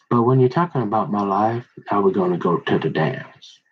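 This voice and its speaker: A husky, low-voiced middle-aged man rambling through a folksy monologue, with a confrontational, slangy manner. The recording is dull and lo-fi. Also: normal speed. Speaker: vlogger.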